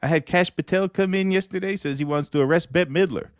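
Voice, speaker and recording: A man's voice: high voice, fast talker, clean tone, dry recording, clean studio sound, pitched above the performer's own voice, lightly acted. A man doing a rambling boastful president. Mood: exasperated. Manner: rambling, boastful, folksy storytelling. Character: impression of a boastful older male president rambling.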